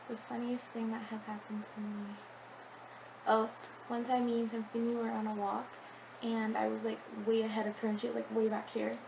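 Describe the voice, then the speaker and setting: Hesitant teenage girl, quick bursts. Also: on the high side, completely flat delivery, gravelly, lo-fi sound, background noise. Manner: hesitant, filler-heavy, speeding up. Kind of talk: casual Q&A chat.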